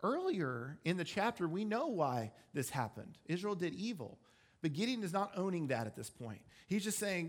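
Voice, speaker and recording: A man preaching a sermon with a slightly high voice, talking his listeners through the story in a relaxed, explanatory way. He drops in self-deprecating asides and stays conversational rather than formal. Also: moderate pace. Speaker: pastor.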